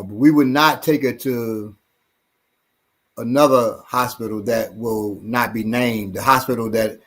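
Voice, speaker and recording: A bright, forceful, mid-range male voice belongs to a casual podcast co-host who trains people in self-defense. He tends to ramble and repeat words, cursing occasionally and laughing easily.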